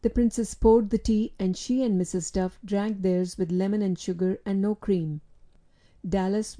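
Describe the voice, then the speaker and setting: A woman narrating a storybook in a steady, clear reading voice. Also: mid-range voice. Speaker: audiobook reader.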